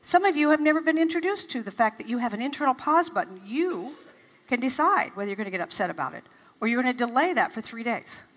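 Her voice is on the high side, very animated and fast. The older woman is a motivational speaker addressing a live audience in a large event hall, and the recording echoes through the space as she tells stories and animatedly replays her own past reactions.

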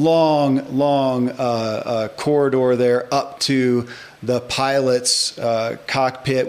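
A man in his forties hosting a podcast interview, talking with enthusiasm and reading passages aloud from a book. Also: medium pitch. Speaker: podcast host. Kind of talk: casual interview chat.

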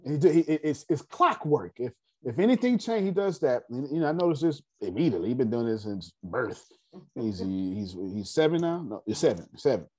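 Man running a class with a dark, husky voice, digressive storyteller. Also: medium pitch, fairly quick. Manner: animated, digressive, addresses the audience directly. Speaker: class leader. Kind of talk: casual teaching and storytelling.

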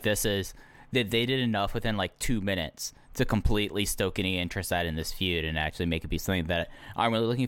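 A man co-hosting a podcast who talks with enthusiasm in quick bursts. His voice is on the low side and comes across smooth and resonant. The recording is dry and close. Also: a bit bright, no echo. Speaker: podcast co-host. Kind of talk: casual chat.

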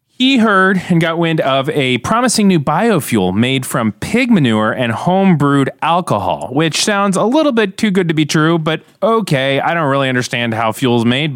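Deadpan man joking on a podcast. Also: fairly high pitch, dry recording, clean studio sound. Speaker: podcast co-host. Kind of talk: casual chat.

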